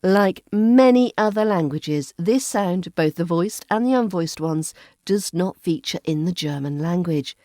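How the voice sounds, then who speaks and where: A woman's voice: on the low side, animated, measured pace, mellow, no echo, studio quality. A woman with an RP British accent, a podcast host giving a scripted accent lesson with careful, precise enunciation. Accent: RP British English.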